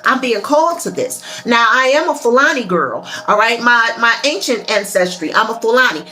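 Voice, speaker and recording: A woman with a bright, ringing voice and a fairly high pitch, speaking earnestly and emphatically about spiritual matters. She addresses her viewers directly in a casual monologue, with faint music playing under her. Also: expressive, moderate pace. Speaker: tarot and spiritual reader.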